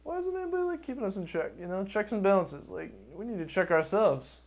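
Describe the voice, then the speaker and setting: A man hosting a podcast in casual chat, rambling and animated, laughing often and swearing freely. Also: high-pitched, fairly quick. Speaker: podcast host.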